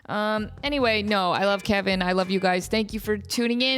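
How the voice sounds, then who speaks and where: A woman's voice: medium pitch, a little fast, hardly any pauses, a bit bright, soft background music. A woman hosting her own podcast, chatting casually and telling jokey stories with playful impressions. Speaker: podcast host. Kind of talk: casual solo podcast chat.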